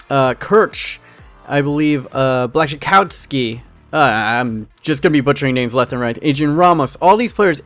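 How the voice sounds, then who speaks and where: A man's voice: a little high, no echo. A young American man giving upbeat, jokey commentary on his football video game to his viewers. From United States. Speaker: gaming YouTuber. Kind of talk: casual gameplay commentary.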